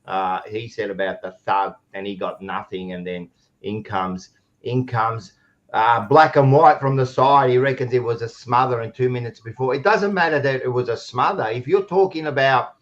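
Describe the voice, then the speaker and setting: A man's voice: mid-range voice, normal speed, muffled recording. An Australian man hosting a casual sports podcast, rambling and blunt, often restarting his sentences. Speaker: podcast host.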